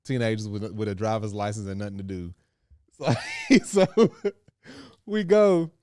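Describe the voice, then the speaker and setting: A man's voice: fairly low pitch, lively intonation, unhurried, darkish tone, no echo, clean studio sound. A man co-hosting a podcast with his wife, laid-back and joking, often laughing as he tells stories from his youth. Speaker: podcast co-host. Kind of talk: casual chat.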